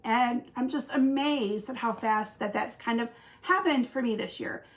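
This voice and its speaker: A woman from Michigan hosting a casual live craft stream, chatting with viewers and greeting them by name. Her voice is slightly hoarse from a recent cold. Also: a little high, moderate pace.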